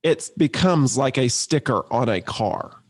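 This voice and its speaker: A man, an entrepreneur, telling a story in a conversational, lively way with restarts. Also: mid-range voice, measured pace. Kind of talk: casual storytelling to camera.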